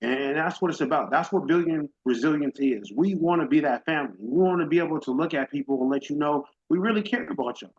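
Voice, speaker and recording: A man's voice: on the high side, quick pace, few pauses. A middle-aged man speaking at a summit, giving a heartfelt personal testimony in an emotional, faith-driven, casual and direct way. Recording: dull lo-fi audio.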